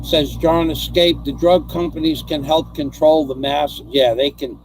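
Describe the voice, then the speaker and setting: A man's voice: on the high side, steady tone, a little slow, background noise. A middle-aged man hosting a casual chat, telling rambling stories and reading out viewer comments, often repeating himself as he goes.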